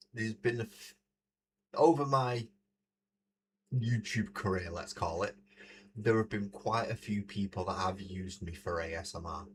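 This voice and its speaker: A man with a fairly low, slightly bright voice hosts a casual livestream while painting miniatures, his desk mic pulled close to his face. He chats, laughs a lot, and reads chat messages aloud. A little hiss or hum can be heard.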